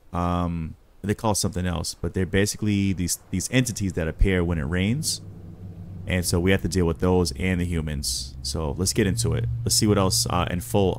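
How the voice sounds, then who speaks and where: Deep-voiced laid-back game commenter. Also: male voice, normal speed, slight background noise. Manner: laid-back, rambling, chatty. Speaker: gaming channel host. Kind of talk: casual gameplay commentary.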